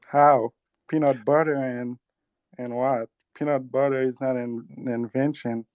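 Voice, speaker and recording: A man's voice: medium pitch, steady tone, measured pace, no echo. A man with a Haitian accent calls in and argues bluntly, pushing back on every point. His voice comes through a dull, muffled line. The sound is dry. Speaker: caller. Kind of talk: argumentative call-in talk.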